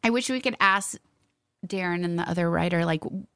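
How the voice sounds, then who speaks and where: A woman's voice: on the low side, brisk, vocal fry, a bit bright, smooth, no echo, studio quality. A woman co-hosting a casual podcast chat, telling stories with lots of fillers. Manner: chatty, storytelling with many fillers. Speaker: podcast co-host.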